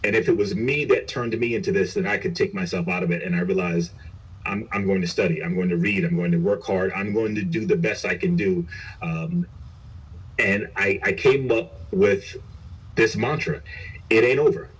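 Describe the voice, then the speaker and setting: A middle-aged man, a police chief, telling his story in an interview, earnest and halting with frequent restarts. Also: low voice, slightly rough. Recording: recorded far from the mic.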